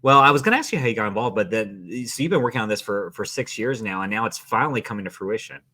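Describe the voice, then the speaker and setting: A man interviewing a guest, warmly enthusiastic and quick to agree and laugh. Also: on the low side, expressive. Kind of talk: casual interview chat.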